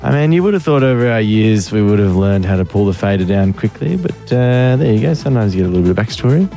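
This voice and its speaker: Australian male co-host, rapid delivery, wry, music bed under. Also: fairly low pitch, animated, vocal fry, dark tone. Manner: quick, wry. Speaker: radio co-host. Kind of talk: radio banter and live read.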